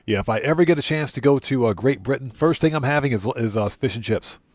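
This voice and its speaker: A man's voice: mid-range voice, lively intonation, fast, darkish tone, no echo. A man livestreaming a video game, chatting casually with viewers and repeating himself for emphasis. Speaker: streamer.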